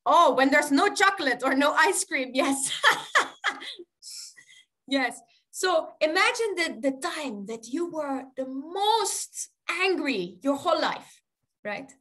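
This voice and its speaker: High-voiced woman telling children a story. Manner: animated, laughs often, asks the children questions.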